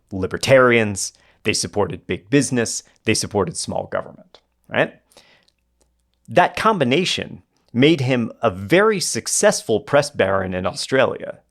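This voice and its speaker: A man's voice: on the low side, gravelly. A man hosting a podcast, telling a history story in a conversational way with asides to his co-hosts. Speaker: podcast host.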